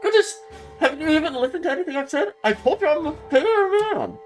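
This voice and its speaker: A woman's voice: high voice, expressive, a little fast, faint music behind, pitched above the performer's own voice, rough recording. A woman playing a pompous, sneering male captor. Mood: mocking. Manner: mocking, scolding, sneering. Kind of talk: dramatic reading of a visual novel.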